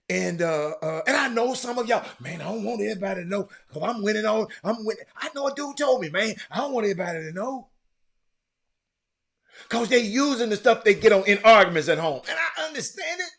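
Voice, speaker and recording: A middle-aged man, hosting a casual live show and talking to his viewers. He is animated and teasing, repeats words, and breaks into shouts in bursts. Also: a little high. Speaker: show host.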